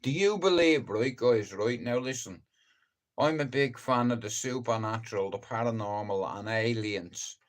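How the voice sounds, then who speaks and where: A man's voice: mid-range voice, normal speed. A man hosting a live stream, rambling through stories in casual chat and swearing freely as he talks straight to his viewers. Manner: profane, rambling storyteller who addresses viewers directly. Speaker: livestream host.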